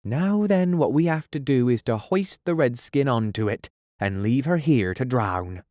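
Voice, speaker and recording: A man voicing a bumbling, excitable Irish pirate boatswain in an audiobook. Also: mid-range voice, a little slow, no echo, clean studio sound, pitched above the performer's own voice, lightly acted. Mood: bossy.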